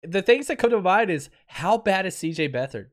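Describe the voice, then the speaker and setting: A man's voice: sits high, big pitch swings, fairly quick. Wry, laughing man in his thirties. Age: 30s. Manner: wry, laughs often, exasperated. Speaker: sports podcast host. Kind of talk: casual sports commentary.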